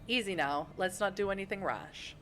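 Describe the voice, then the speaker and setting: A woman's voice: mid-range voice, normal speed, fairly bright tone, slight background noise, close to an everyday voice. A woman voicing a cautious young female vampire fledgling in plain, careful replies, reading a narrative game aloud on stream.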